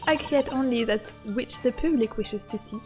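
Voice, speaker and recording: A woman voicing a macabre older female waxworks artisan in a put-on French accent, hushed and measured. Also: a little high, faint music behind, lightly acted. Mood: sinister.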